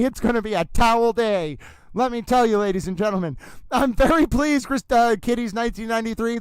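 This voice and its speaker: A man's voice: very high-pitched, a bit bright, clean tone, dry recording. A man hosting a livestream, chatting playfully with his viewers and making theatrical, emphatic declarations. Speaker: livestream host. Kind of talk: casual livestream chat.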